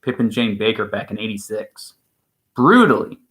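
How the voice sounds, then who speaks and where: A man's voice: lowish voice, expressive, moderate pace, fairly bright tone. Rambling, opinionated male streamer. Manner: rambling, opinionated, with many restarts. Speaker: stream co-host. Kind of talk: casual chat.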